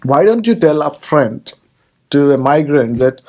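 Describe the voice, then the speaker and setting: Guy from india hosting a chatty podcast, mellow voice, laughs a lot and keeps asking questions. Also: fairly high pitch, lively intonation, unhurried. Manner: laughs often, asks probing questions. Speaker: podcast host. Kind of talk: casual conversation.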